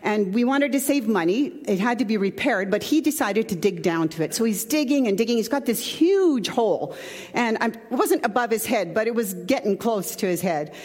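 A woman pastor giving a sermon in a relaxed, conversational way with personal asides. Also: fairly high pitch, moderate pace, big-room sound.

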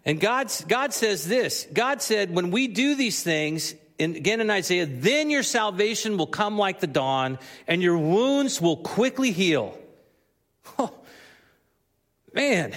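A man's voice: sits high, big pitch swings, slow, fairly bright tone, big-room sound. A man preaching a sermon as the pastor, earnest and rising to emphatic exhortation. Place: church sanctuary.

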